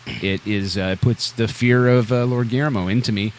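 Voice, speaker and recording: A man's voice: medium pitch, steady tone, moderate pace, a little hiss or hum. A man hosting a casual sports podcast, joking and teasing the other guests. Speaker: podcast host.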